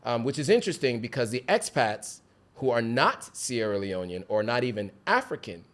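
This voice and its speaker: A man from the United States, a guest on an interview, speaking in a measured, reflective way. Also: medium pitch, very animated. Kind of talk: casual interview chat.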